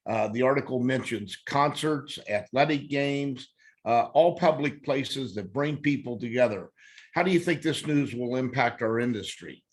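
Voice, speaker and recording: A man hosting a podcast panel interview, asking questions in a relaxed, chatty way. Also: medium pitch, moderate pace. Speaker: podcast host.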